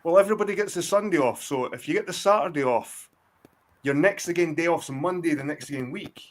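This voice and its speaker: A Scottish man in his forties talks fairly quickly in a fairly high voice, a guest in a casual chat over a video call. His stories ramble, swear a lot, and keep restarting.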